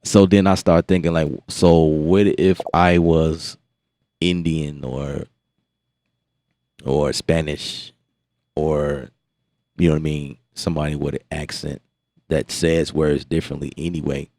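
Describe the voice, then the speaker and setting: A very deep-voiced American man talking loosely to his stream, animated and exasperated, restarting and repeating words as he goes. His voice sounds close and dry, with no room around it. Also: a little slow, long pauses, no room sound. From United States. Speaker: beat-making livestream host. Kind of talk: casual livestream chat.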